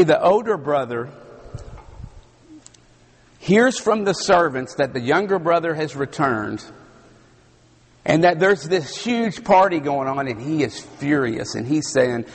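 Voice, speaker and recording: Southern preacher guy, slow and gravelly, husky strained voice, big echoey hall. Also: fairly high pitch. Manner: slow, emphatic preaching with dramatic pauses. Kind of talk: sermon. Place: large hall with audience. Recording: long hall reverb.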